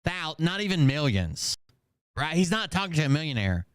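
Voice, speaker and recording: A man's voice: fairly high pitch, big pitch swings, normal speed, clean tone, dry recording, clean studio sound. A man giving sarcastic reaction commentary with crude, mocking jokes.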